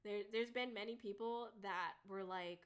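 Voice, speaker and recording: A woman's voice: mid-range voice, moderate pace, smooth. A woman streamer in casual chat, ranting bluntly and swearing freely. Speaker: VTuber streamer.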